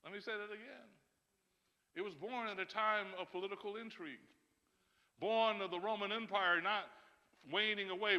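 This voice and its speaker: A man preaching a sermon as pastor, emphatic and often laughing, building to loud, rising calls. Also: high-pitched. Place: church sanctuary. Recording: church sanctuary with long reverb.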